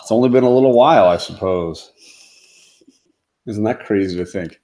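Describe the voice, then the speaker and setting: A man's voice: fairly low pitch, moderate pace, mellow. A man hosting a casual comics livestream from home, rambling with lots of fillers. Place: home, in front of a comic display.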